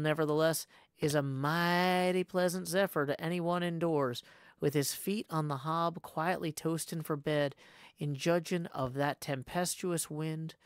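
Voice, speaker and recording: A woman reading a classic novel aloud on a livestream, expressive and careful, with the odd stumble and self-correction. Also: on the low side, no room sound. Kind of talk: unhurried dramatic read-aloud.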